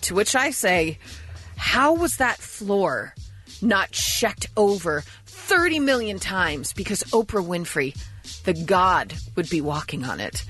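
A woman co-hosting a radio morning show, telling odd news stories in animated, laughing banter. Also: lowish voice, slow, faint music behind. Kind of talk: casual comic radio banter. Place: radio studio. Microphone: studio microphone.

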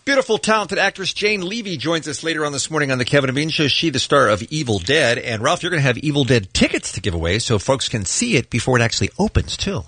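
A man co-hosting a morning radio show with dry, wry remarks. His voice is bright and moves around a lot in pitch. The sound is close and dry. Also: very animated, fast, hardly any pauses, slightly rough, no room sound, faint music behind. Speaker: radio co-host.

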